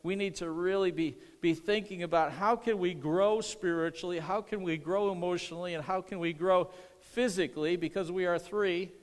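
Middle-aged male pastor, sermon, earnest, repeats himself, slightly high voice, reverberant hall. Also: fairly even intonation, normal speed, hardly any pauses. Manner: earnest, repeats phrases, asks for amens.

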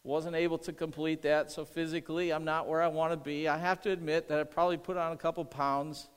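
Earnest pastor preaching in a hall. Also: male voice, fairly high pitch, flat delivery, a little fast, smooth. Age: middle-aged. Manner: earnest, repeats phrases, asks for amens. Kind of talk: sermon.

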